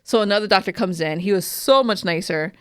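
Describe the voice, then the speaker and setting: A woman in her thirties hosting a podcast, telling a personal story in a candid, animated way, swearing freely and acting out what others said. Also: medium pitch, fairly quick, clear, resonant tone, no room sound, clean studio sound. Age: 30s. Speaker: podcast host. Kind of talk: casual storytelling chat.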